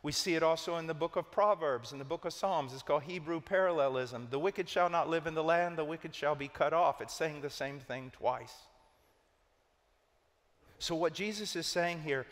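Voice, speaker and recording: Man preaching hard, kinda high voice, big echoey hall, gets loud then goes quiet. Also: moderate pace. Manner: emphatic, swings from loud urgent peaks to low hushed stress. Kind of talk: sermon.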